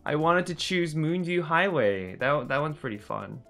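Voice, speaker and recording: An excitable man streaming a game, his voice bright and crisp and swinging widely up and down. He yelps, swears at the screen and breaks into playful meowing between casual chat. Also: fairly high pitch, moderate pace, faint music behind.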